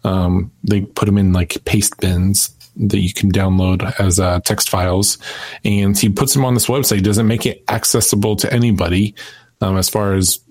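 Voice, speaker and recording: A man co-hosting a podcast, explaining things in a steady, casual way with many fillers. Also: on the low side, moderate pace, dry recording. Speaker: podcast co-host.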